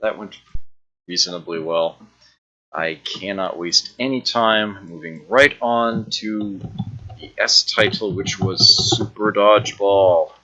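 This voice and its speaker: A man streaming old arcade games, chatting casually with viewers, laughing often and filling pauses with uhs. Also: fairly low pitch, pushed and bright, muffled recording. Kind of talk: casual gameplay commentary. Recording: backup mic, music behind.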